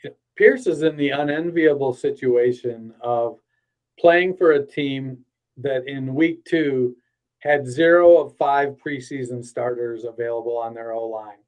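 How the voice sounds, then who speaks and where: A man's voice: medium pitch, unhurried, darkish tone, rough recording. A man appearing as a guest analyst on a podcast, talking bluntly and casually with salty jokes and a lot of fillers. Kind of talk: casual sports chat.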